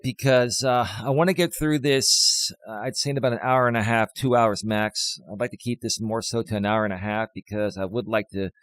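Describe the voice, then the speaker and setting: A man hosting a life coaching live stream, speaking with a slight cold and a little out of breath, repeating his main points slowly for emphasis. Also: on the low side. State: has a cold, a bit out of breath.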